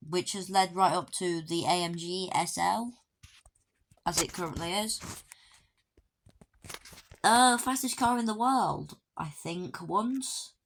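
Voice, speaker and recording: A woman's voice: medium pitch, a little hiss or hum. A woman giving a casual walkthrough commentary of a video game, with dry, offhand joking asides. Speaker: gaming video creator.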